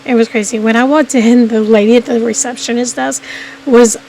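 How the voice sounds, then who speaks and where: A woman's voice: fairly high pitch, fairly even intonation, brisk, dark tone, slight background noise, rough recording. A woman telling a personal story to her viewers in a casual vlog, rambling and restarting her sentences often. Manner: rambling, with frequent restarts and "I mean" fillers. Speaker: vlogger.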